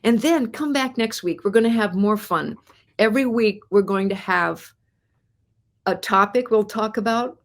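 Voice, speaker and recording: A woman's voice: mid-range voice, normal speed. A woman hosting a live podcast, talking to viewers and asking them many encouraging questions, often repeating words and restarting her phrases. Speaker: host.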